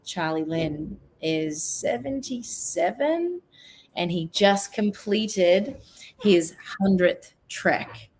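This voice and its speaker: A woman with an Australian accent, a guest on an online talk show, talking earnestly and reflectively and trailing off mid-sentence. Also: fairly low pitch. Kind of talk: casual interview chat. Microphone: video call.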